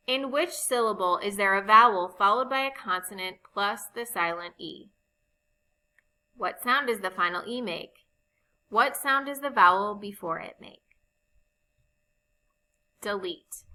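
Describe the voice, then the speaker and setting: A woman teaching a recorded phonics lesson, explaining spelling rules slowly and patiently. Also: medium pitch, lively intonation, sharp tone, low-quality recording. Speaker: reading teacher.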